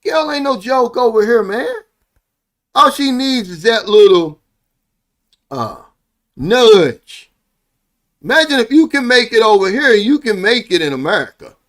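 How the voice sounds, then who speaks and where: A middle-aged man with a notably high voice talks straight to his viewers in a loose, wandering vlog monologue. He sounds earnest and heartfelt and tags "man" onto the ends of many phrases. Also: big pitch swings, a little slow, long pauses, fairly bright tone. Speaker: vlogger living abroad. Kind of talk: casual monologue.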